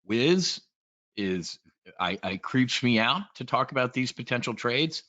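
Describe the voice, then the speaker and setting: A man's voice: medium pitch, expressive, a little slow, sharp tone, lo-fi sound. A man giving a casual, blunt and profane trade briefing, talking in a rambling way as a trading educator.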